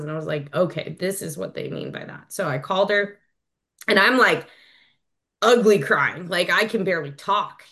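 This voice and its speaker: A woman in her thirties giving a personal share at a recovery meeting, candid and halting, with many fillers and restarts. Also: on the low side, a bit bright. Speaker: member sharing at a recovery meeting.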